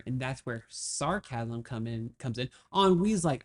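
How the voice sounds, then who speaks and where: A woman co-hosting a podcast, chatting casually about a film, fast and animated with many fillers. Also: very deep voice. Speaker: podcast co-host. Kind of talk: casual movie discussion.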